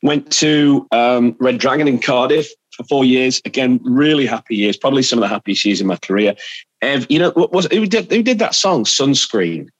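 A middle-aged English man, a radio presenter, chatting as a podcast guest and telling lively stories from his career. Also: mid-range voice, moderate pace, no room sound, lo-fi sound. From England. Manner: chatty storyteller, animated anecdotes. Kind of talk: casual chat.

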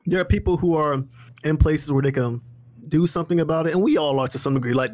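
A man in casual podcast conversation with a warm, dark tone. He thinks aloud, hedges, and stumbles over repeated words as he begins. The sound is dry, with no room echo. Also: fairly high pitch, fast. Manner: thoughtful, hedging, repeats words while starting. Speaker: podcast co-host. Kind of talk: casual chat.

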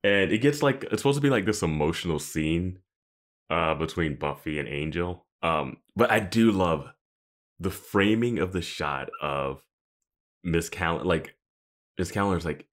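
A man with a very deep voice that still swings widely in pitch riffs on a TV episode in casual chat. He laughs often and tosses in mock quotes of the characters as he goes. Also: lively intonation, unhurried.

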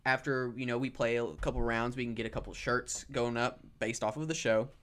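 A man hosting a podcast and acting as game master, talking in a relaxed, rambling way with lots of fillers. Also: medium pitch, brisk. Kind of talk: casual ad read and game narration.

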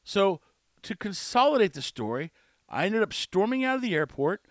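A man's voice: high voice, very animated, normal speed, no echo, clean studio sound. A man ranting in a podcast monologue, getting worked up as he retells a frustrating day with quoted dialogue. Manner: exasperated, gets worked up; repetitive storytelling with quoted dialogue. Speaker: podcast host.

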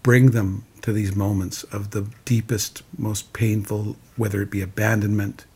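A man's voice: on the low side, level tone, moderate pace, a little mellow, breathy edge. A man co-hosting a podcast, earnestly retelling film scenes in a casual discussion. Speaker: podcast co-host.

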